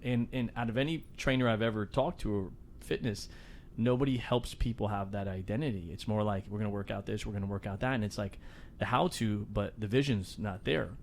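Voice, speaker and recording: A man hosting a podcast interview, telling animated stories and acting out quotes. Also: fairly low pitch, brisk, slight background noise. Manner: animated storyteller, acts out quotes loudly. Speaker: podcast host. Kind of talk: casual interview chat.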